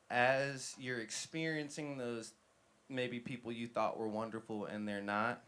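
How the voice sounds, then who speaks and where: A man's voice: lowish voice, a bit bright. A man in his thirties hosting a live interview, loose and joking, rambling with many fillers. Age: 30s. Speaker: host.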